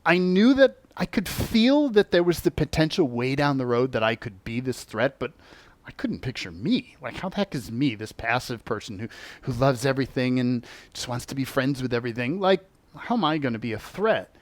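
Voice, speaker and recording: Man, spiritual teacher, storytelling, lively pitch, dry close sound. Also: normal speed, no echo. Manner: animated, acts out quoted voices. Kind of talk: personal storytelling talk.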